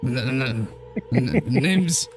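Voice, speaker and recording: Guy doing a gruff gravelly old gnome, frail and grumpy, talks with a put-on accent. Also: mid-range voice, lively intonation, slow pace, music in the background. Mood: softened.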